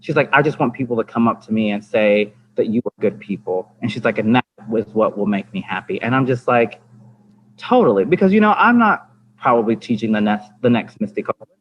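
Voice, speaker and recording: A fast-talking man with a fairly low, expressive voice chats casually on a podcast as a dance teacher, rambling with plenty of fillers and restarts. It's recorded in slightly dull lo-fi with faint ambience.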